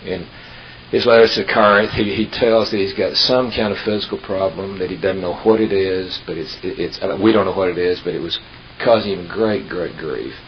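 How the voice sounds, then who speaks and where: A man preacher giving a sermon, telling humorous stories in an unhurried, folksy way with emphatic pauses. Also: low voice, steady tone. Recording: dull lo-fi tape with hiss.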